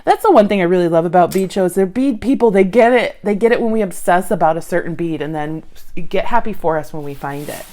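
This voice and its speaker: A woman with a slightly low voice chats casually about her finds. She talks in an excitable, gushing way, thrilled with every piece she shows. The mood is relaxed and homey. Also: quick pace. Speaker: bead jewelry vlogger. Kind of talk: casual haul chat. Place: at home with her dog nearby.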